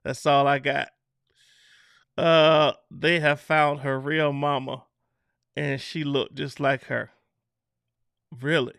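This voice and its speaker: A man's voice: on the high side, flat delivery, takes it slowly, gravelly, pauses often, a bit bright, clear, resonant tone, no room sound, studio quality. A man hosting a casual live stream, reading out viewer comments in a loose, chatty way and laughing between them. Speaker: online show host.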